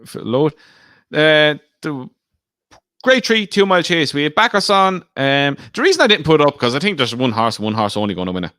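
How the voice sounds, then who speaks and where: A man's voice: on the high side, big pitch swings, brisk, bright, forceful tone, dry recording, clean studio sound. A man co-hosting a podcast, chatting casually about betting and teasing his co-host. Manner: teasing, banters.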